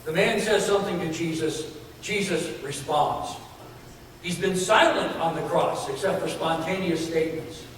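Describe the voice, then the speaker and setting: A man with a slightly high voice preaches in a church sanctuary at a moderate pace, earnestly building emphasis with repeated phrases. The audio has slight background noise and sounds distant and echoey, like a hall.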